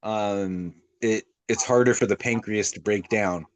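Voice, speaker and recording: A young man talks in a loose, rambling way, circling back and restarting his sentences as he chats. His voice sits a little low and the sound is dry and close, with no room around it. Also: steady tone, measured pace, no room sound. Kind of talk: casual chat.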